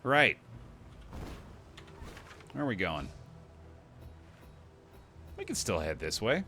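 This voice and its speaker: A streamer chatting casually while playing a game live, answering chat and thinking aloud. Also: male voice, lowish voice, huge pitch swings, slow, a little hiss or hum. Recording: loud game music behind.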